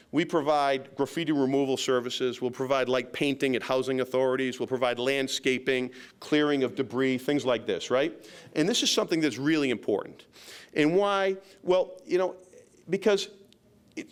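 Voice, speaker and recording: A man talks at a local meeting as a county sheriff. His voice is smooth and resonant, at an ordinary pitch for a man. He tells his story in a loose, rambling way, with many fillers and a self-deprecating humor.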